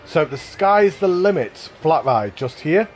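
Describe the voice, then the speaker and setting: A man's voice: fairly high pitch, big pitch swings, unhurried. A man hosting a casual live stream, touring and praising contest park builds with eager, effusive commentary. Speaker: livestream host touring contest parks.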